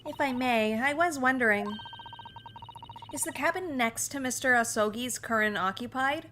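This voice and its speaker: Brief: playful woman reading game lines, bright sharp voice, faint hiss behind. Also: high voice, normal speed. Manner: playful, giggly, reads lines aloud. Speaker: streamer reading game dialogue. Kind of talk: casual game read-along.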